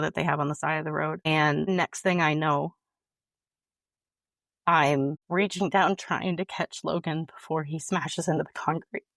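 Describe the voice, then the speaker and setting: A woman's voice: low voice, dry recording, clean studio sound. A woman, a podcast guest, telling a personal story in an earnest, emotional way that halts and restarts often.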